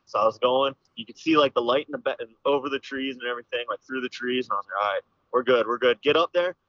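Fast-talking young man with a dull, dry sound. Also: mid-range voice, fairly bright tone, dry recording. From Pennsylvania. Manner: rambling, full of "dude" and "like" fillers. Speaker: podcast guest, hunter. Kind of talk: casual storytelling. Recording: slightly dull, lo-fi podcast audio.

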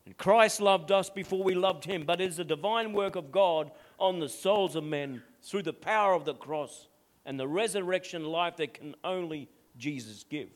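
High-voiced older pastor preaching. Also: male voice, moderate pace. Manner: emphatic preaching with frequent "amen?" asides. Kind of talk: sermon.

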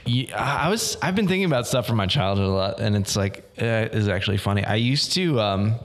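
A man's voice: fairly low pitch, animated, fairly quick. A young man co-hosting a podcast, telling stories in a rambling, self-mocking way with lots of "like" and restarts. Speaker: podcast co-host. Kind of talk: casual chat.

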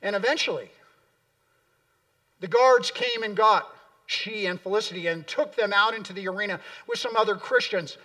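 A man's voice: high voice, moderate pace, pushed and bright, far from the mic. A middle-aged man preaching a sermon in a church, earnest and emphatic, often repeating words for weight. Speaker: pastor. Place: church sanctuary.

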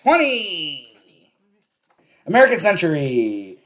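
A man's voice: on the high side, huge pitch swings, takes it slowly, fairly bright tone. A man co-hosting a podcast, telling a long, rambling story in casual chat, often laughing and restarting his sentences. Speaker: podcast co-host.

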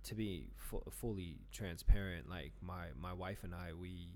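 A man's voice: deep voice, a little slow, darkish tone, slight background noise. A man in casual podcast talk, rambling with lots of restarts and fillers. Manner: burps mid-talk. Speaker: podcast co-host. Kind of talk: casual chat.

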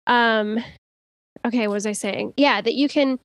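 Rambling woman, slightly high voice. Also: a little slow, no room sound. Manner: rambling, many fillers and restarts. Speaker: podcast co-host. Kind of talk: casual group chat.

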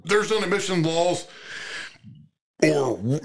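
A man's voice: a little high, expressive, unhurried, long pauses. A man, a farmer, talking in a rambling, profane way with many restarts in a casual podcast chat.

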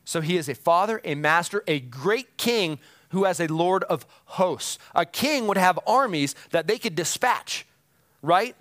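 A pastor delivers a sermon, walking his listeners through scripture with earnest conviction. His voice sits a little high for a man and climbs to emphatic peaks. The sound is close and dry, with no room around it. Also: animated, normal speed, a bit bright, no echo.

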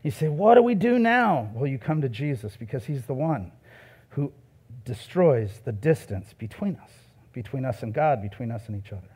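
A middle-aged male pastor preaching a sermon in a conversational way, with loud emphatic peaks and soft asides. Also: mid-range voice, moderate pace, slightly rough.

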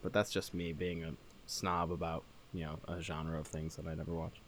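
A man's voice: sits low, little pitch movement, fairly quick, slight background noise. A man chatting casually on a podcast, rambling with lots of filler words as he critiques a show. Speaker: podcast co-host.

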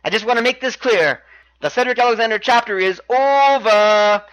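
A man's voice: very high-pitched, moderate pace, fairly bright tone, low-quality recording. A man voicing a cocky male wrestler boasting to his sweetheart after beating a rival. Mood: boastful. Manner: boastful, showy.

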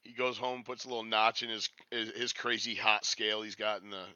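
A man's voice: on the low side, flat delivery, brisk, pushed and bright, no room sound, lo-fi sound. A man co-hosting a podcast, chatting crudely about a TV episode and earnestly praising the show. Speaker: podcast co-host. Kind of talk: crude casual chat reviewing a TV episode.

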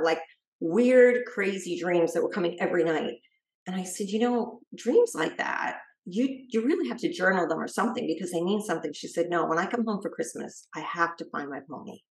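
A middle-aged woman, a guest author, telling a personal story in a lively way and acting out what others said. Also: fairly low pitch, a little fast. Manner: lively storyteller who acts out quoted speech. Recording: echoey room.

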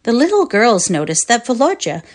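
Lively, expressive woman storyteller. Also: on the high side, normal speed. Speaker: reader, narrator. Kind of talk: readers' theatre story reading.

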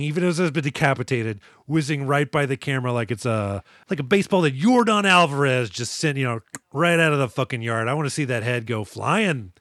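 Animated, profane male podcast co-host. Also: medium pitch, no echo, studio quality. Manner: animated, profane, puts on voices for film characters. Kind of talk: casual movie podcast chat.

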